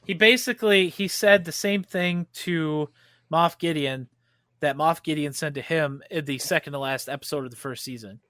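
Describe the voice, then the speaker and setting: Man, podcast co-host; bright, fairly high voice, dry close sound, rambling plot recap. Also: moderate pace, no room sound. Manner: recaps plot in long run-on stretches. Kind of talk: casual chat.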